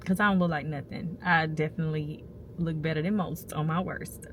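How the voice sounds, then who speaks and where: A woman's voice: fairly low pitch, fairly bright tone, slight background noise. Chatty woman vlogging. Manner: chatty, storytelling, addresses viewers as y'all. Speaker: vlogger and mother. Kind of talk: casual vlog chat.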